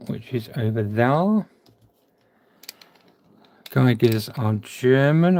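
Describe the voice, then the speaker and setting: A man's voice: mid-range voice, darkish tone, a little hiss or hum. A man casually narrating as he sorts his collection, chatty and thinking aloud, half muttering to himself. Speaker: coin collector vlogger. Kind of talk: casual narration while sorting.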